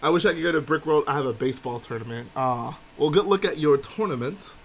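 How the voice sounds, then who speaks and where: A man's voice: a little high, quick pace, slight background noise. A man hosting a casual live stream, chatting and reading viewer comments aloud and answering them. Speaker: livestream host.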